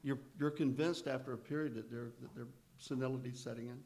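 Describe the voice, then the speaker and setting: A man of middle pitch speaks to a recovery meeting and tells his story in a loose, conversational way. He often turns to self-deprecating jokes. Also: fairly even intonation, a little fast, darkish tone.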